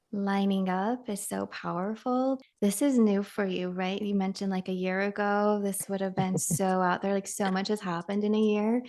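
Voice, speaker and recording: A woman's voice: mid-range voice, a little mellow. A woman hosting a spiritual podcast, bubbly and chatty. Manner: bubbly, chatty, laughs often. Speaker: podcast host and channeler. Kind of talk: casual podcast chat.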